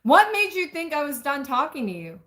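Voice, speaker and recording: A woman's voice: a little high, lively intonation, moderate pace, a bit bright. Blunt romance hero, read by a woman. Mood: insistent.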